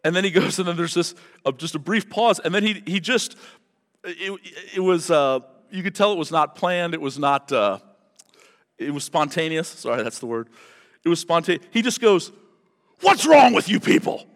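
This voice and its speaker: A man's voice: on the high side, normal speed, fairly bright tone, in a large hall. A pastor preaching a sermon to his church, talking conversationally and then building to impassioned emphasis. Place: church service.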